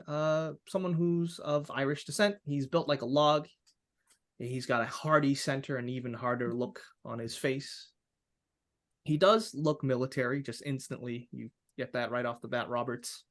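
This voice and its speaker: A man narrating a tabletop game as game master, describing scenes with frequent filler words. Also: mid-range voice.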